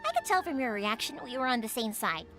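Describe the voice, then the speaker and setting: An actress playing a cheerful young fireworks shop owner in a game, bubbly and giggly. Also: female voice, on the high side, very animated, fast talker, music in the background. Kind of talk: game cutscene dialogue.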